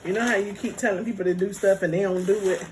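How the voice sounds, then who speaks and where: A woman vlogger chatting casually while eating, playful and quick to laugh. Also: medium pitch, steady tone. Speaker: mukbang vlogger. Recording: noisy home recording.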